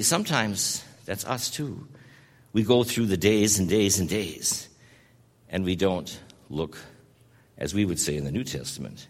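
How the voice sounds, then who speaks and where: A man's voice: on the low side, a bit bright, long reverb tail. A man preaching a sermon as a pastor, telling a story in a folksy way and speaking to people in the congregation by name.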